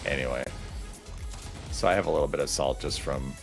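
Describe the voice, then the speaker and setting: A man's voice: a bass voice, a little fast, gravelly, faint music behind. A man playing a game with a friend, chatting in a rambling, wry, self-mocking way. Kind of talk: casual gaming chat.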